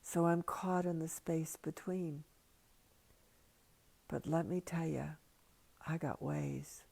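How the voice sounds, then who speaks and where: Older woman, slow gentle livestream talk, low gravelly voice, hushed with whispers. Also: fairly even intonation. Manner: soft and hushed, slipping into whispers. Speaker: spiritual teacher. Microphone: livestream computer mic.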